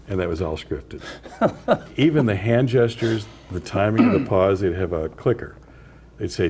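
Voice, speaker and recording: An older man, an author and interview guest, telling unhurried anecdotes with dry chuckles in a community TV studio. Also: lowish voice, lively intonation, darkish tone, slight background noise. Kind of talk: storytelling interview.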